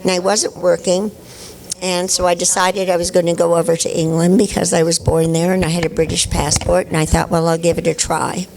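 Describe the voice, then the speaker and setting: Older woman, lower-pitched voice, chatty anecdotes with laughs, convention panel guest. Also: little pitch movement, a little fast, gravelly, darkish tone, slight background noise, rough recording.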